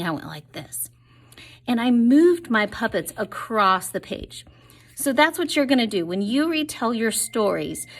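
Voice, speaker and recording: A woman teaching young children, upbeat and encouraging in an average-pitched voice. She keeps her explanations friendly and cheerful. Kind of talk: lesson for children.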